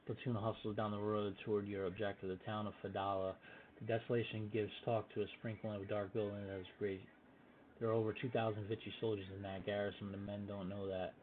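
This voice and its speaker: A man's voice: fairly low pitch, flat delivery, fast talker. A man hosting a strategy game playthrough, chatting casually and reading the game's story text aloud with restarts. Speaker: gaming channel host. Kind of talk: let's-play commentary, reading game text. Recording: tinny phone-like audio with faint hiss.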